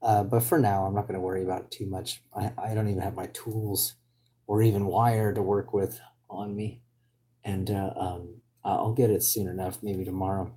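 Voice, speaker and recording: Livestreamer, male, husky and mellow, rambling and halting, still getting his voice back. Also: low voice, little pitch movement. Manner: rambling, hesitant, reads out viewer comments. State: voice recovering from hoarseness. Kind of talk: casual live stream chat.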